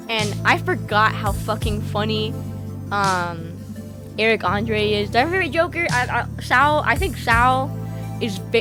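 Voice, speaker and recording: A young woman streamer from the United States, her voice sitting a little high. She chats casually, rambling, swearing freely and laughing often, over clearly audible background music. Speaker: VTuber streamer.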